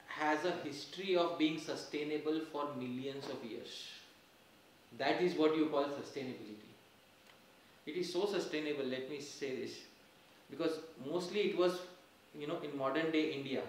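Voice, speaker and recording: A man's voice: mid-range voice, slight background noise. A man giving a religious class, explaining points emphatically and repeating key phrases, recorded from a distance in a temple hall. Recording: very echoey temple hall from far off.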